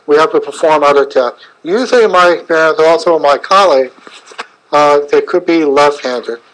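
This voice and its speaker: Halting middle-aged man lecturing a webinar. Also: on the high side, a bit bright, rough recording. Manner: halting, fragmented phrasing with frequent fillers. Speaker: chiropractor presenting a webinar.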